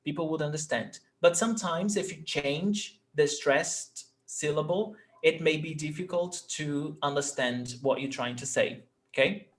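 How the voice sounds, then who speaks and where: Speaking slightly slowly and with hardly any pauses, a man with a high-leaning voice teaches Portuguese live in English. He is a native Portuguese speaker who patiently says each word again for his learners.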